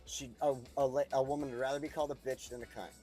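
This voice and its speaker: A man's voice: mid-range voice, level tone, fast, warm tone, faint music behind. Rambling, profane man streaming. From United States. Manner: rambling, profane, chuckles often. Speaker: streamer playing a city-building game. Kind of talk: casual gameplay commentary.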